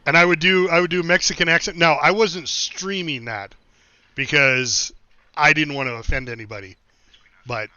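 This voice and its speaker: Middle-aged American man, easygoing streamer chat, bright and slightly high, dry dull sound. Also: no room sound. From United States. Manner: easygoing, laughs often, rambling with restarts. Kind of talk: casual chat while gaming.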